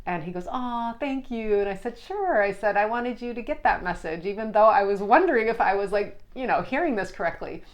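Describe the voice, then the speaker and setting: A woman with a voice of ordinary pitch talks through personal stories as the host of her own show. She sounds earnest and chatty, with quick restarts, and she brings the stories to life by acting out what each person said. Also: muffled recording. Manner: chatty, earnest, lively retelling with restarts and quoted dialogue. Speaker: podcast host and Reiki practitioner. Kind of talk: casual storytelling monologue.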